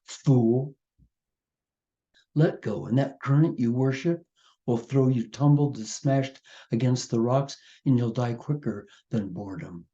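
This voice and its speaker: Scornful river creatures scold and mock, a little louder than the reader's usual voice but still slow and mellow as a man reads them out. The audio is dull and lo-fi. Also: mid-range voice, natural voice.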